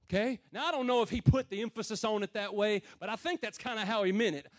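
A man preaching to a room of men in a notably high voice. He talks plain and folksy, swinging from loud, emphatic calls down to quiet, low murmurs. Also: fast talker, hardly any pauses. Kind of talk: sermon to a men's gathering.

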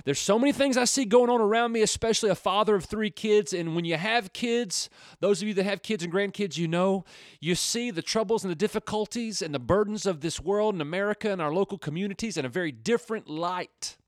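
A middle-aged male radio preacher with a fairly high voice, talking in an earnest, folksy way that climbs into fervent calls. The sound is dry and close, recorded at a studio mic. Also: a little fast, no room sound. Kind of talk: radio Bible teaching with prayer.

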